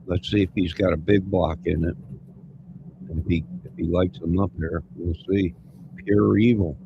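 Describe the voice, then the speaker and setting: A man's voice: deep voice, steady tone, moderate pace, gravelly, lo-fi sound, noisy background. A man co-hosting a livestream, chatting casually and rambling while he repeats himself. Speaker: livestream co-host.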